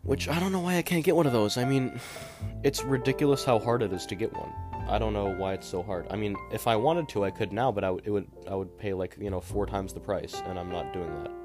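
A man's voice: on the low side, quick pace. A young man hosting a podcast, talking casually in a rambling, exasperated way with lots of fillers. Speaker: podcast host. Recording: guitar music playing underneath.

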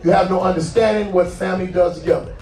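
A man voicing an older ordained minister who scolds in a slow, measured way. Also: high voice, steady tone, warm tone, voice pushed down, lightly acted. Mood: scolding. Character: older male ordained minister, calm and preachy. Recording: roomy hall, distant mic, faint music.

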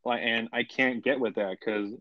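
A man's voice: mid-range voice, fairly even intonation, moderate pace, no echo. A young man speaking in casual podcast chat, blunt and opinionated with plenty of slang. His voice sits mid-range, and it is recorded dry and close. The sound is dull and lo-fi. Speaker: podcast co-host.

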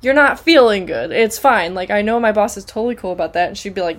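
A woman in casual chat, retelling scenes in an animated way and acting out quotes. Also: mid-range voice, quick pace, a little hiss or hum. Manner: animated storytelling, acts out quotes. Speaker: podcast co-host.

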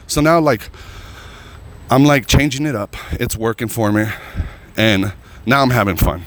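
A man's voice: fairly low pitch, measured pace. A man working as a comedian, telling a rambling, profane story straight to his viewers. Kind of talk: casual storytelling to camera.

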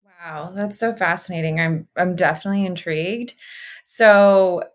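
A woman's voice: fairly low pitch, moderate pace. Curious woman host, easy conversational questions. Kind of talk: casual interview.

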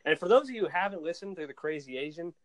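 A young man chatting excitedly on a podcast, laughing and repeating words as he tells stories. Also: a little high, very fast, poor audio. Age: young adult. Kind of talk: casual chat.

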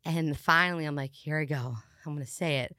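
A woman's voice: deep voice, fairly quick, dry recording, clean studio sound. A woman in her thirties, a podcast guest, telling a story in casual chat, laughing often and acting out her own lines. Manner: giggly, animated, acts out her own lines.

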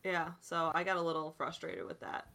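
Bright, chatty young woman host. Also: low voice, brisk, gravelly. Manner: animated, chatty, lots of "like" and "dude". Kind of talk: casual chat, reading articles aloud.

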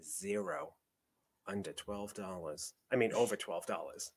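A man's voice: low-pitched, normal speed, a little hiss or hum. A man co-hosting a podcast, teasing and coaxing his friend in casual chat, often laughing. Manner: teasing, persuasive, giggly. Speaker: podcast co-host.

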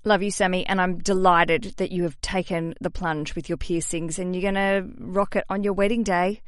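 An Australian woman in her mid-thirties hosts a podcast in a loose, chatty way. She swears freely and her voice leaps into high, excited bursts. The recording is dry and close, with no room sound. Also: normal speed, no room sound. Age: mid-30s. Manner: animated, swearing, jumps into high excited peaks. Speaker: podcast host. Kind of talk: casual podcast chat.

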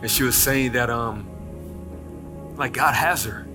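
A man's voice: medium pitch, unhurried. A male pastor preaching a sermon in a conversational way, with restarts. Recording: loud music behind the voice.

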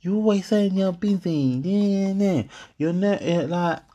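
A man's voice: high voice, a little slow, warm tone, muffled recording, pitched above the performer's own voice. A man mocking a nagging, irritated girlfriend. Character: irritated young woman nagging her boyfriend.

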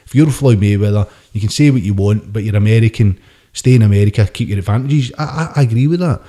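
A man's voice: on the low side, fast, dark tone. A man co-hosting a podcast, chatting and ranting about boxing with lots of swearing. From United Kingdom. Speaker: podcast co-host. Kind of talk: casual boxing chat.

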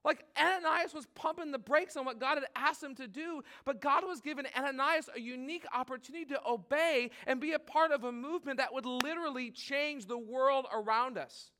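A man in his thirties preaches with a loose, conversational energy and keeps dropping "like" as he talks to the congregation. His voice sits high for a man and has a bright, forward tone. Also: fairly quick, hardly any pauses. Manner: casual, animated preaching with frequent "like". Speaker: pastor. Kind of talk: sermon.

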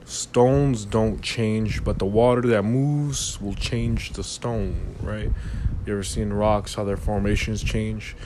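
A man's voice: lowish voice, fairly even intonation, slow, darkish tone, a little hiss or hum. A man hosting a casual motivational monologue, rambling and philosophical, with lots of "you know".

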